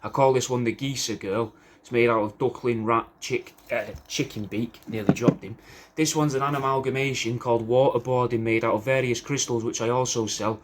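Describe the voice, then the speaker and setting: Man, taxidermy artist, rambling deadpan sales talk, slangy, swears a lot, mid-pitched voice. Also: moderate pace, a little hiss or hum. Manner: casual, slangy, keeps saying "mate", swears freely. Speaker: taxidermy artist showing his work.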